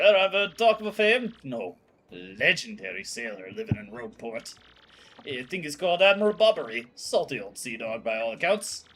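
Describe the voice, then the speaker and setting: Man doing a gruff working-class sailor. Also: on the high side, a bit bright, slight background noise. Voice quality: rough, folksy sailor talk.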